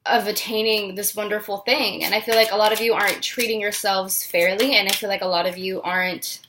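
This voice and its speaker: A woman's voice: medium pitch, fairly even intonation, fairly quick, sharp tone, a little hiss or hum. Woman tarot reader, earnest and reassuring, talks in loose run-on sentences and gets choked up at times. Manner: earnest and encouraging, filler-heavy with many restarts. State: near tears, voice catching. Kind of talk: casual tarot reading to camera.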